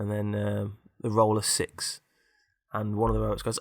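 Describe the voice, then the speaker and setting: A man's voice: lowish voice, level tone, quick pace, vocal fry, a bit bright, no echo, clean studio sound. A man co-hosting a podcast, rambling through an improvised story in a chatty, meandering way. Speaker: podcast co-host.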